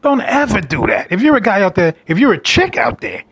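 A man rambles through a dating story in a brash, casual way, throwing in loud asides. His voice sits a little high and sounds gravelly and husky. The recording is close and dry. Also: sing-song, fairly quick, no room sound.

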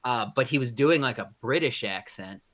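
Casual podcast co-host, man, bright and forceful tone, rambly delivery. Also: mid-range voice, lively intonation, normal speed. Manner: rambling, many restarts and fillers. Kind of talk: casual chat.

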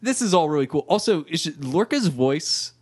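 A man co-hosting a podcast, chatting casually and enthusiastically about a show, with drawn-out musing asides. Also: a little high, sing-song, a little mellow, husky, no echo, clean studio sound. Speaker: podcast co-host. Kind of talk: casual recap chat.

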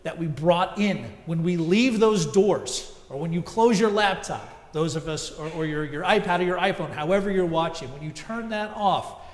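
Pastor preaching in an echoey church. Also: male voice, fairly high pitch, normal speed, hardly any pauses. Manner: conversational storytelling with asides. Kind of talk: sermon.

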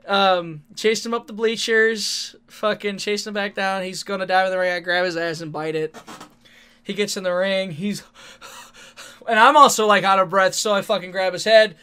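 A man's voice: high voice, fairly even intonation, moderate pace, sharp tone, smooth. A man telling rambling wrestling stories in casual talk, swearing freely and laughing often. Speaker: independent wrestler. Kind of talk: casual storytelling monologue.

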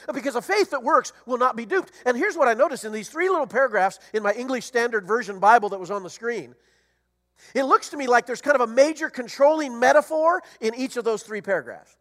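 Animated, high-voiced man preaching a sermon. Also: fairly quick. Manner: animated, storytelling, rising to loud emphasis. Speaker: guest preacher.

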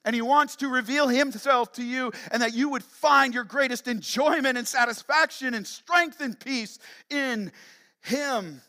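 A man preaching a sermon as pastor, fervent and emphatic, then settling into a soft, earnest prayer. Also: extremely high pitch, unhurried.

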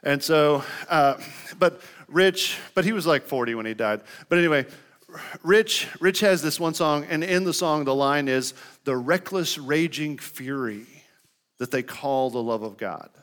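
A man's voice: a little high, a little slow, fairly bright tone. A young man preaching a sermon in a loose, conversational way, often saying "like". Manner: conversational, lots of "like" fillers. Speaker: pastor.

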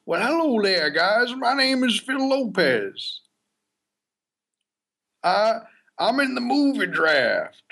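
A man putting on an exaggerated, squeaky falsetto impression of a goofy male friend. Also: sing-song, takes it slowly, gravelly, long pauses, sharp tone, exaggerated voice.

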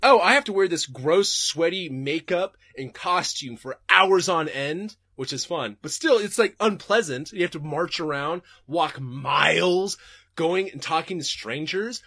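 A young man hosting a podcast, answering listener questions in a casual, profane, animated rant from his home desk. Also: fairly high pitch, unhurried, breathy edge, no echo, clean studio sound.

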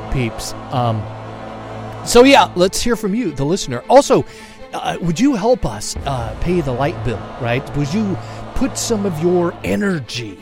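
A man's voice: mid-range voice, creaky. A man hosting a podcast in loose, casual chat, punchy and rambling, swearing freely and laughing at himself. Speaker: podcast host.

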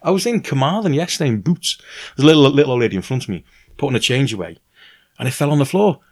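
A Welsh man in a casual interview, talking about his writing with lively, earnest enthusiasm. His voice sits at a middle pitch, and he often restarts his sentences. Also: fast. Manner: lively and earnest, many restarts and "you know"s. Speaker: novelist guest.

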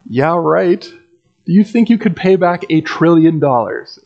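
A man preaches a sermon in an easy, conversational tone, dropping wry asides. His voice sits a little high. The recording sounds muffled and lo-fi. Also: animated, slow, vocal fry, darkish tone. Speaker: pastor.

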